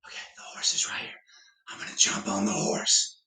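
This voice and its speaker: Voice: a little fast, reverberant, close to an everyday voice. A teacher whispering as a sneaky caveman daredevil. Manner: hushed, unvoiced whisper. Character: sneaky prehistoric daredevil creeping up on a horse.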